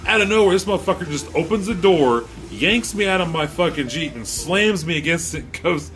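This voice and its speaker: A man's voice: on the high side, brisk, soft background music. A man casually telling a story with lots of swearing, acting out the voices of the people in it. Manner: profane, animated, acts out quotes.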